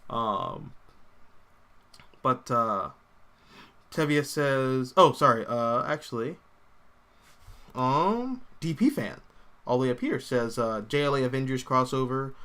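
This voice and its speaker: A young man hosts a comics livestream in a loose, rambling style, with lots of "like" and "um" and bursts of laughter. His voice is bright and forward. He keeps it casual and animated as he reacts to viewer comments. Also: medium pitch, takes it slowly, long pauses.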